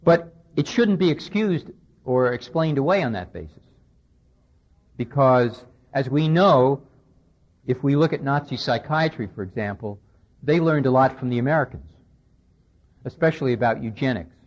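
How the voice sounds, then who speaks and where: A man's voice: medium pitch, expressive, normal speed, long pauses. Man lecturing on dull lo-fi radio tape. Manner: conversational, recounting dialogue, emphatic. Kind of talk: recorded lecture. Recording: dull lo-fi 1990s radio recording.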